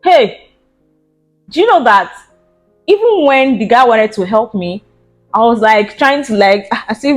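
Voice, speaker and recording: A young woman with a Nigerian English accent, telling a personal story in a casual vlog, animated and laughing often, with Pidgin slang. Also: on the high side, unhurried, pauses often, soft background music. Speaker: vlogger.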